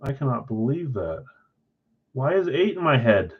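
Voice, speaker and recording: A man hosts a live card break, talking casually and poking fun at his own slip-ups as he chats with viewers. His voice sits at an ordinary middle pitch. The stream audio is a bit dull and lo-fi. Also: big pitch swings, moderate pace, breathy edge. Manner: self-deprecating, chatty, talks to chat viewers.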